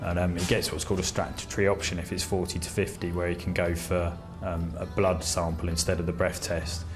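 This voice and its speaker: A police officer telling an amused story of a night shift in an interview. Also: male voice, deep voice, level tone, brisk, music in the background. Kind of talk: interview recollection.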